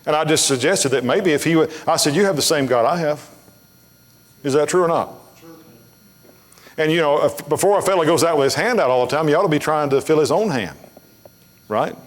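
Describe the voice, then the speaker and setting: Folksy pastor preaching in a church. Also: male voice, fairly high pitch, fairly quick, pauses often. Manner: folksy storytelling, blunt and rising to emphatic preaching. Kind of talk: sermon. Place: church sanctuary. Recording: long hall reverb of a church.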